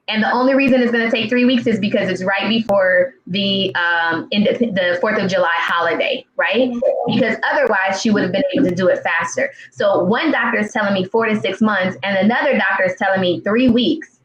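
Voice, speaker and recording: A woman in her thirties tells her story as an interview guest, earnest and heartfelt. She often pauses on fillers and restarts her sentences. The sound is roomy and a little dull, like a live-stream call. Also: mid-range voice, a little hiss or hum. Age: 30s. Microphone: video call.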